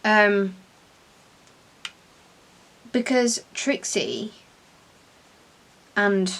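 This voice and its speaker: Young woman, English accent, casual makeup vlog, rambling, self-deprecating, mid pitch. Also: big pitch swings, extremely slow, vocal fry, fairly bright tone. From England. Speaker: beauty vlogger. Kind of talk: casual chat while doing makeup.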